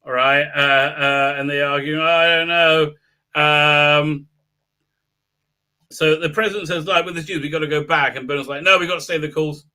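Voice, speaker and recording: A man's voice: on the high side, steady tone, moderate pace, bright, forceful tone. A man casually recapping a TV episode on his channel, sarcastic and crude, with many filler uhs and mocking asides. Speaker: YouTube host reviewing a TV episode.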